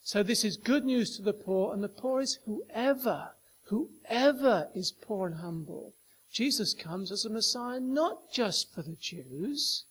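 A man with a notably high voice delivers a sermon. He talks emphatically, repeating phrases for weight and putting questions straight to his listeners. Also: animated, a little slow, fairly bright tone, a little hiss or hum. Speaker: preacher.

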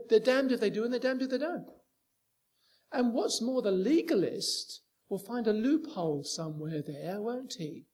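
A man preaching a sermon, talking with emphatic rises and frequent rhetorical questions to the congregation. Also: very high voice.

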